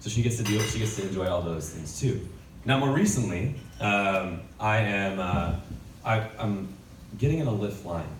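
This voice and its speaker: A man performing a stand-up comedy set, telling stories with sudden shouted punchlines and plenty of swearing. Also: fairly low pitch, normal speed, reverberant, far from the mic, background noise. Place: comedy club stage.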